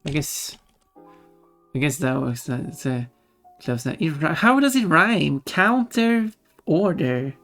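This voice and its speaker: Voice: medium pitch, big pitch swings, a little slow, creaky, long pauses, fairly bright tone. A livestreamer chatting casually with viewers, musing aloud and laughing often. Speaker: livestreamer reading chat. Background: faint background music.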